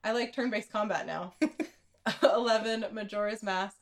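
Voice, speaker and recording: A woman's voice: mid-range voice, a little slow. Woman with dry quips, laughing often. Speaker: podcast co-host. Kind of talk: casual chat, ranking games.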